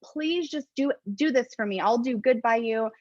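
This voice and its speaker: A whiny, desperate man pleads in prayer for a lottery win, put on by a woman telling a story. The voice sits high. The recording is dull and dry, with no room sound. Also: normal speed, a little mellow, no echo, close to an everyday voice. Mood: pleading.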